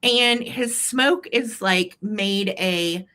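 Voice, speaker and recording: Woman with a bright, clear voice hosting a vintage sale, talks slow and gushes a lot. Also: medium pitch. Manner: gushing, excited, laughs often. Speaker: co-host of a live vintage sale. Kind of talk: casual sales chat.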